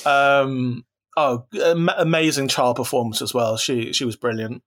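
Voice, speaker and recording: An enthusiastic man chatting as a podcast guest. He rambles, restarts his sentences and piles up repeated words, at an ordinary middle pitch. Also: normal speed. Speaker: podcast guest, horror writer and producer. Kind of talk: casual chat.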